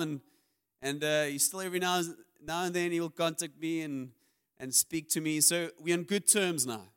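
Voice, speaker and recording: A man's voice: fairly high pitch, smooth. A man, preaching a sermon as a pastor in a candid, confessional way with self-deprecating humor.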